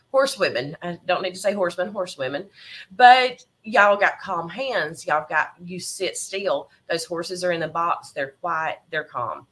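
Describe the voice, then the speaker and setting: Bright, animated Southern woman. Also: mid-range voice. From Tennessee. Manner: emotional, animated storyteller who laughs often. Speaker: podcast guest, horse breeder. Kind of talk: casual interview chat.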